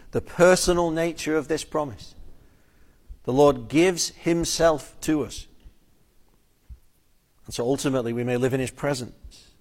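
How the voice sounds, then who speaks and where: A man preaching an expository sermon, earnest and emphatic, slowing down on key phrases and sometimes repeating words. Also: a little high.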